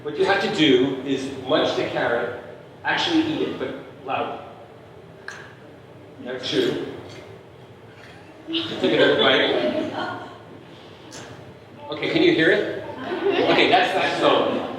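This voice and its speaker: A man's voice: fairly high pitch, takes it slowly, long pauses, a bit bright, a little hiss or hum. A man leading a family concert, playfully coaching the audience to make animal sounds on cue and imitating them himself. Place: large concert hall. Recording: echoey hall recorded from far off.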